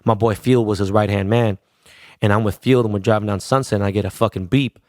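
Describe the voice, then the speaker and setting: A man from Los Angeles, a podcast host telling stories in a profane, slangy, animated way. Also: lowish voice, fast, no room sound, clean studio sound. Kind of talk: casual storytelling.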